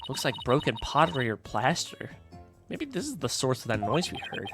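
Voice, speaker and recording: A man's voice: medium pitch, huge pitch swings, normal speed. A man streaming a game live, chatting casually and wryly with some swearing while reading dialogue aloud. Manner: casual, profane, wry. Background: game music.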